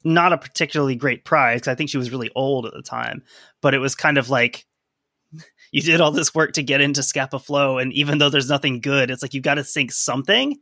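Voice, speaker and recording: A man's voice: mid-range voice, a little fast, pushed and bright, no room sound, clean studio sound. A man co-hosting a history podcast, chatting casually and adding joking asides. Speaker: podcast co-host.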